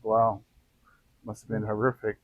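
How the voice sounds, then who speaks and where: A man hosting a street interview outdoors, asking soft, sympathetic questions. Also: fairly low pitch, completely flat delivery, measured pace, dry recording, phone-quality sound. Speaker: interviewer, channel host.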